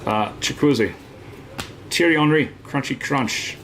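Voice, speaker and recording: A man with a medium-pitched, slightly bright voice takes his time hosting a live card break, with slight background noise. The stream chat is casual, with teasing of viewers and frequent "uh" fillers.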